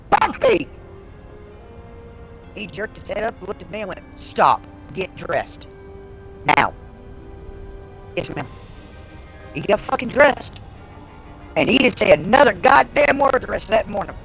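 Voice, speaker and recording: A woman's voice: medium pitch, animated, fairly quick, creaky, faint music behind, poor audio. A woman livestreamer telling a story in casual talk, blunt and heavily profane. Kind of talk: casual storytelling on a live stream.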